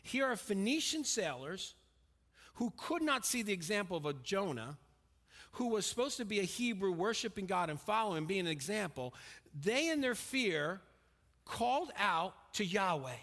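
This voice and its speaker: A man with a high-pitched voice preaches a verse-by-verse sermon, pressing his points hard and then dropping to a hush. His voice rings with the long reverb of a large hall. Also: sing-song, normal speed. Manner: emphatic, swings between raised and hushed delivery. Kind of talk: expository sermon on scripture.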